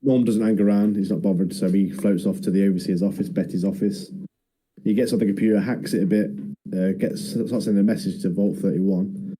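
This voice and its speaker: A man, co-hosting a podcast and recapping a TV episode in a relaxed, laid-back way. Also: sits low, a little fast, breathy edge, low-quality recording. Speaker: podcast co-host. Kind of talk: casual chat recapping a TV episode.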